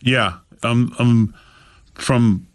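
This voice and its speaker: A man's voice: fairly even intonation, extremely slow, no room sound, clean studio sound. A man telling stories as a podcast guest, animatedly acting out the voices of the people in them. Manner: acts out quoted voices with big pitch jumps. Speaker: guest, author. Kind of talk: animated storytelling.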